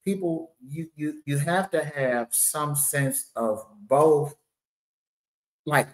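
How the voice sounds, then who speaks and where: A man's voice: on the high side, takes it slowly. A man in casual podcast chat, laid-back and conversational, repeating phrases for emphasis.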